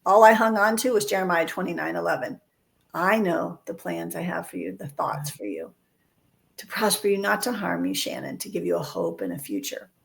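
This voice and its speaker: A woman with a low, gravelly voice talks earnestly in a casual faith podcast chat. She slips into quoted voices to act out what others might say. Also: expressive, normal speed. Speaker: podcast co-host.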